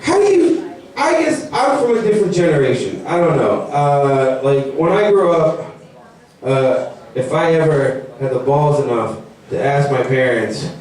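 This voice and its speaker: A young man doing a stand-up comedy set. He talks in a rambling, animated way and mocks people in put-on voices. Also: on the high side, a little slow. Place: comedy venue. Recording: very echoey room, mic far off.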